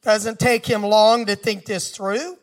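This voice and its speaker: Male preacher, very high voice, slow deliberate delivery, emphatic storytelling. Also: fairly even intonation. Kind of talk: sermon.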